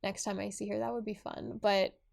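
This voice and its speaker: A woman's voice: medium pitch, little pitch movement, a little fast, creaky, darkish tone. A woman in her twenties co-hosting a podcast, talking casually with lots of fillers and restarts. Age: 20s. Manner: chatty, many fillers and restarts. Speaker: podcast co-host. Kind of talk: casual chat.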